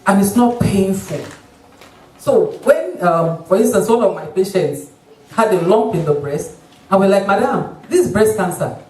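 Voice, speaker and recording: A doctor, an obstetrician from Nigeria with a Nigerian accent, giving a lively community health talk and mimicking patients and doctors along the way. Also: mid-range voice, a little slow. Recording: roomy hall, voice from far off the mic.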